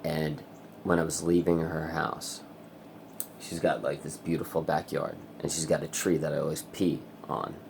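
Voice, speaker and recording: A man's voice: rumbling low, little pitch movement, normal speed, vocal fry, noisy background. A man angrily ranting in a personal vlog, swearing a lot. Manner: angry, profane ranting. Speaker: vlogger. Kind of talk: vlog rant.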